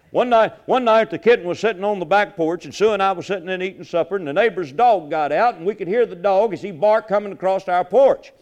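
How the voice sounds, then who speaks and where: Guy preaching, kinda high voice, goes loud then quiet, repeats himself a lot. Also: quick pace, hardly any pauses. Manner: impassioned preaching, swings from loud to hushed, repeats phrases. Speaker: pastor. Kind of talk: sermon.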